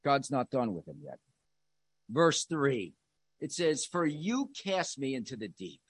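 A man preaching a sermon, moving between quiet reflective passages and loud, emphatic declarations. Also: fairly high pitch, sing-song, unhurried, breathy edge, no echo. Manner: dynamic, swings between soft musing and loud emphatic lines.

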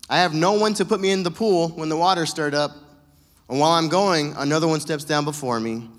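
A self-pitying sick man pleads his case, as a preacher puts him on in a sermon. The voice sits a bit high and complains more than it asks. Long reverb from a large hall trails each line. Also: a little fast, lightly acted.

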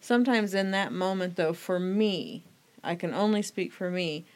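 A woman's voice: lowish voice, moderate pace, a little mellow. A woman co-hosting a faith podcast in casual chat, speaking reflectively and confessionally. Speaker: podcast co-host.

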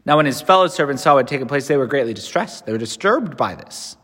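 A man's voice: medium pitch, lively intonation, fast talker, a bit bright. A man, a priest, giving a spoken meditation on scripture. He is earnest and builds to emphatic peaks, then drops into casual asides. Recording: long reverb in a large room.

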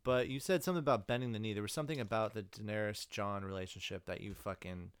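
A young man chatting fast on a casual podcast, teasing his friend and swearing freely. His voice is smooth and crisp, recorded close in a dry space. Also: on the low side, no echo. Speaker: podcast co-host. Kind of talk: casual chat.

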